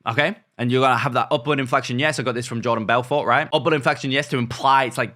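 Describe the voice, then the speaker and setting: A young man coaching on sales, talking fast and energetically with many fillers and check-ins like "right?" and "okay?". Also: medium pitch, fairly even intonation, pushed and bright. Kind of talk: business coaching talk to camera.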